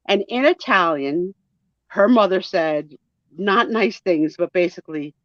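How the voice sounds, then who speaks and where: Animated storytelling woman with a New Jersey accent. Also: lowish voice, a little slow, no room sound. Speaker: guest storyteller. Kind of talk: casual chat. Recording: muffled lo-fi audio.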